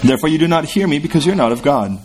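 A man's voice: fairly high pitch, animated, racing, a little mellow, faint music behind. A man preaching a sermon in a conversational, storytelling way, acting out the voices in his anecdotes. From California. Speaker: pastor.

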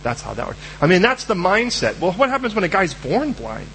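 A man preaching a sermon, acting out both sides of conversations with God in lively voices. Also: high-pitched, a little fast, soft background music, rough recording. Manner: animated, acts out both sides of dialogues with God.

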